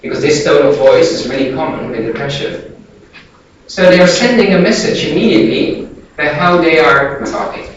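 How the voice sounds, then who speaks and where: A fairly high-voiced man lectures on psychology like a practising therapist, walking students through each point and acting out examples with his voice. He is picked up from a distance by a room mic in a large classroom that rings with echo. The sound is muffled and there is a faint hiss underneath. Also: normal speed. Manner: explanatory, demonstrates points with his voice and posture.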